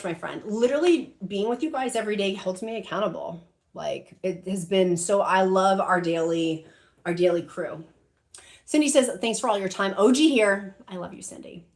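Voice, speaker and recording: Gushing, emotional woman livestream host. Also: medium pitch. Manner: gushing, emotional, many "like" and "um" fillers. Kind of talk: casual live-stream chat reading comments.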